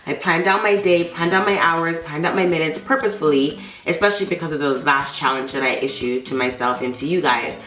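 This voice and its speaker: A woman vlogging to her channel, telling the story of her day in a lively, animated way, with sarcastic asides and a pep talk to herself. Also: deep voice, brisk, few pauses. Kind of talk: casual vlog monologue. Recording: roomy echo with faint background music.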